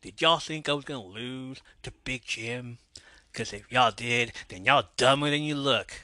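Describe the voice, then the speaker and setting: A man voicing a sneering male wrestling villain in a slow Southern American drawl. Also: mid-range voice, bright, forceful tone, no room sound.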